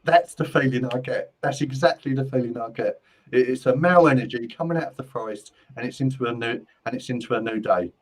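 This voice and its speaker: A man's voice: medium pitch, brisk, low-quality recording. Rambling man giving psychic readings. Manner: rambling, repeats phrases, stumbles on restarts. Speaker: spiritual medium and host. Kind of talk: live-stream psychic readings.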